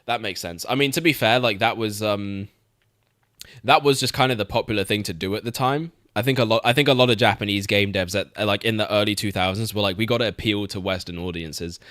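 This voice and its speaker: A man's voice: fairly low pitch, brisk, fairly bright tone, no room sound, studio quality. A young man streaming, chatting casually about games, swearing freely and laughing often. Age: young adult. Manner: laid-back, swears, laughs often, repeats words.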